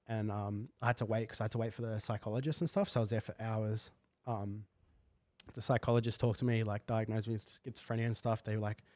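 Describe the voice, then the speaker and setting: A man's voice: lowish voice, darkish tone, no room sound. A young man telling a personal story in a casual, slangy podcast chat full of fillers. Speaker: guest. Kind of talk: candid podcast conversation.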